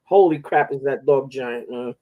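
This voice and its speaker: A man's voice: mid-range voice, normal speed, narrow, tinny audio. A man telling rambling stories in a casual chat, with coarse slang.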